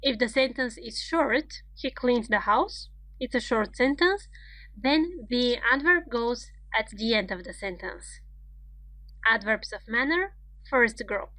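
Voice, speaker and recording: A woman's voice: fairly high pitch, lively intonation, slow pace, pushed and bright, no room sound, poor audio. A woman teaching grammar in an online lesson, explaining step by step and reading out example sentences.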